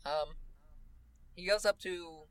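A man narrating a tabletop game as game master, relaxed and full of ums and uhs. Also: high voice, slow, no room sound. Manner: relaxed, filler-heavy narration.

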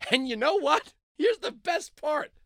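A man hosting a talk radio show, delivering a sarcastic, mocking monologue that swings between loud outbursts and low mutters. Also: sing-song, a little slow, vocal fry, dry recording, clean studio sound.

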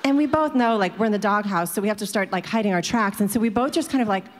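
A woman's voice: mid-range voice, fast, in a large hall, background noise. A woman telling a personal story to an audience in a chatty way, filling it with "like" and acting out the people in it.

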